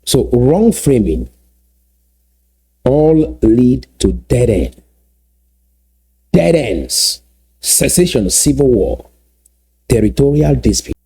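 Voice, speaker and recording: Emphatic man with a husky, dark voice. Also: mid-range voice, sing-song. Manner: emphatic, repeats key phrases slowly. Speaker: political commentator. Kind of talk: solo video commentary.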